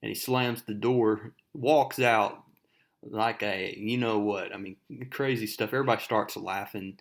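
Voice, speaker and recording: A man's voice: lowish voice, steady tone, measured pace. A young man hosting a comic book video, recapping the story in a chatty, loose way.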